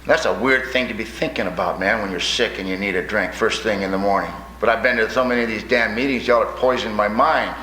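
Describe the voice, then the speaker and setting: A man's voice: lowish voice, fast talker, hardly any pauses. Older man telling his story in an echoey hall. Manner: plainspoken, folksy, wry humor. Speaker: recovery speaker sharing his story. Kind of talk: storytelling talk to an audience. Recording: echoey room with faint noise.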